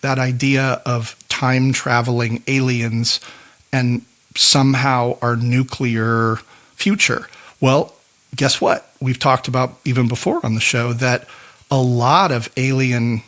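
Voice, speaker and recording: A man's voice: medium pitch, steady tone, takes it slowly, a bit bright. Guy co-hosting a podcast, explaining stuff from his notes, chill and conversational. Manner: explanatory, reads prepared notes. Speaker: podcast co-host.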